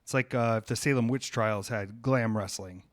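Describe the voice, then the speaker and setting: A man's voice: mid-range voice, steady tone, normal speed, no room sound. Male podcast host, casual riffing chatter, dry close sound. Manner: rambling, jokey, riffing. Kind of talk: casual chat.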